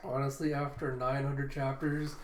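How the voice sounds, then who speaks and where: A man's voice: medium pitch, level tone, normal speed, slight background noise. Sardonic man reviewing in an echoey room. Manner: sardonic, opinionated. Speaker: comic reviewer. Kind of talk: casual chapter review.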